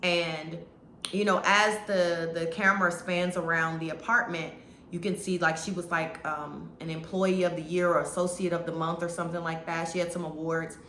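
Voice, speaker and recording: A woman's voice: fairly low pitch, level tone, moderate pace, sharp tone, a little hiss or hum. A woman chatting through a movie review in a casual, rambling way, full of restarts and fillers. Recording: echoey room.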